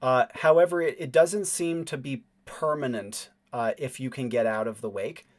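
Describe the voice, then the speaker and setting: A man's voice: mid-range voice, moderate pace. A man running a tabletop game as game master, narrating loosely with lots of fillers and laughing along.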